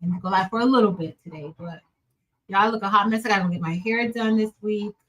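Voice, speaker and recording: A woman hosts a casual live stream, greeting viewers one by one by name. She chats about her week in a relaxed, conversational way and tells little stories with animated energy. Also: medium pitch, fairly quick, low-quality recording. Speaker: livestream host.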